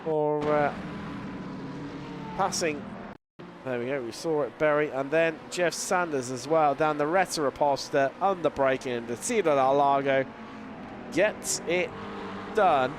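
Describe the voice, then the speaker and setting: A man calling a sim race as a live commentator. He has a lingering cold, talks in a lively play-by-play with fillers and mid-sentence restarts. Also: a little high, unhurried, pauses often. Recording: voice over loud race car noise. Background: racing car engine sounds.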